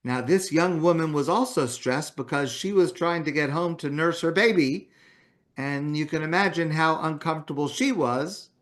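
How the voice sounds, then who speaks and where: A man's voice: on the high side, moderate pace. A man giving a morning talk as a rabbi, telling a story in a conversational way. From Canada.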